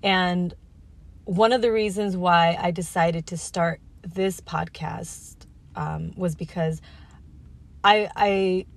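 A woman in her thirties talks alone into her podcast mic, earnest and reflective. Her voice sits fairly low with a gravelly fry, and she circles her thoughts with fillers and restarts. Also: fairly even intonation, slow pace. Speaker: podcast host. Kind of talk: reflective solo podcast monologue.

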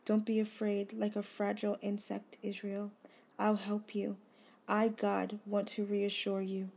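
A woman hosting a devotional, reading scripture aloud slowly and earnestly, then reflecting on it. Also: mid-range voice, completely flat delivery, gravelly, breathy edge. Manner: slow, earnest, gently emphatic reading. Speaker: devotional host.

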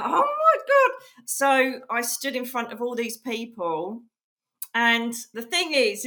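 A woman guest on a podcast, telling her story in a casual, animated and emphatic way and acting out the voices she quotes. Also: fairly high pitch. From England. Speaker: podcast guest, psychic medium.

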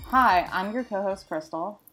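A woman's voice: mid-range voice, a little slow, a bit bright, faint music behind. A woman co-hosting a podcast in casual chat, with a congested morning voice, rambling and filler-heavy. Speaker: podcast co-host. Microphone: computer mic on a video call.

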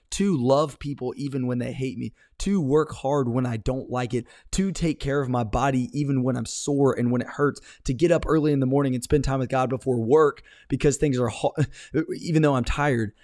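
A man's voice: medium pitch, normal speed, darkish tone, no echo, clean studio sound. A young man hosting a podcast, earnestly talking about faith with many fillers and restarts. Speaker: podcast host.

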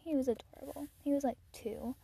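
A teenage girl hosting her own podcast, chatting casually and gushing about the children she works with, full of "like" and soft laughs. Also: sits high, fairly even intonation, a little fast, vocal fry. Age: teens. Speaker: podcast host. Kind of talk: casual solo podcast chat.

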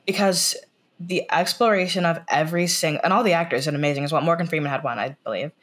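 Here a low-voiced American woman with a fairly bright tone chats quickly as a podcast guest. She's rambly and keeps restarting, sprinkling "like" everywhere, and recounts moments by repeating the lines people spoke.

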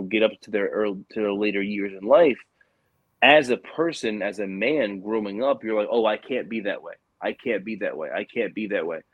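A man's voice: fairly low pitch, dry recording, narrow, tinny audio. A young adult man telling a personal story in casual conversation, earnest and rambling with many restarts.

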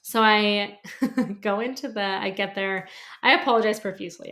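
A woman's voice: medium pitch, fairly even intonation, moderate pace, creaky, a bit bright. A woman hosting a podcast who tells a story in a chatty, casual way, laughs often, swears now and then and fills her talk with "like". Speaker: podcast host and lash artist.

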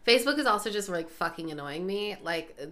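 Bright-voiced chatty woman podcaster. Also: mid-range voice, lively intonation, brisk. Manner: chatty, lots of fillers and asides. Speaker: podcast co-host. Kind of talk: casual chat.

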